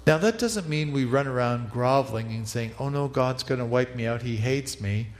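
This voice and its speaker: Pastor preaching in a reverberant hall. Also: male voice, medium pitch, normal speed. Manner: reflective, leads congregation in repeated prayer. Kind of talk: sermon.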